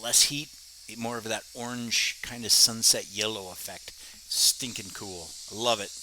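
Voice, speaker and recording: American man with a very bright voice. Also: lowish voice, steady tone, moderate pace, a little hiss or hum, poor audio. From United States. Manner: chatty, folksy, easygoing. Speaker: glass artist. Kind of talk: casual vlog talk while working. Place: home glass studio.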